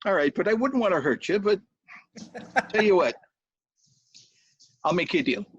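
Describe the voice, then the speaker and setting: A man's voice: high-pitched, big pitch swings, normal speed, breathy edge, pitched above the performer's own voice, heavily acted. A man playing a blustering giant king. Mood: bargaining. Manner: blustering, stammering bravado. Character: boastful giant Irish high king, male, middle-aged. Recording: dull dry lo-fi recording.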